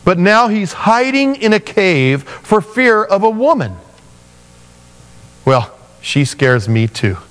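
Lively storytelling pastor in a reverberant hall. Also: male voice, sits high, slow, pauses often. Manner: animated storytelling, acting out biblical figures in voices. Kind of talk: sermon.

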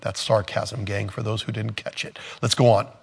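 A man's voice: fairly low pitch, flat delivery, moderate pace, vocal fry, breathy edge. A man preaching a sermon in a casual, sarcastic way, acting out quotes as he goes. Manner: conversational, sarcastic, acts out quotes. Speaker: pastor.

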